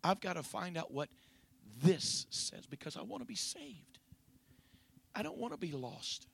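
High-pitched shouting Pentecostal preacher man. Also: very animated, measured pace, creaky, slight background noise. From raised in a Pentecostal home. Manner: shouting preacher with rhythmic "uh, amen" fillers. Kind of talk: sermon.

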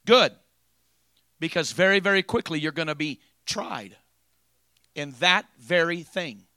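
A man preaching a sermon, moving from quiet storytelling to loud, drawn-out preaching. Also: on the high side, clear, resonant tone, dry recording, clean studio sound.

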